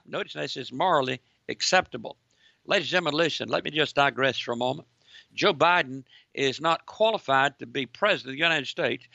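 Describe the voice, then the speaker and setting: A man with a gravelly, bright voice delivers preaching political talk full of rhetorical lists. He speaks emphatically, a little higher than most men. The sound is dry and slightly dull. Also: expressive, brisk, dry recording. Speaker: host.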